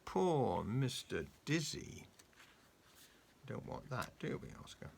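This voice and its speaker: Man reading a story to a kid, lively, gravelly, bright tone. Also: mid-range voice, takes it slowly, a little hiss or hum. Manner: animated, coaxing, asks the child questions. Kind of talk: reading a children's story aloud.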